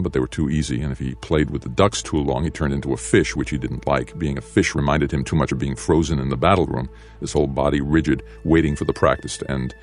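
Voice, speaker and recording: A man with an extremely deep voice reads a novel aloud in measured, steady narration. Soft music sits faintly beneath his reading. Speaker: audiobook narrator. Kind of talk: scripted audiobook narration.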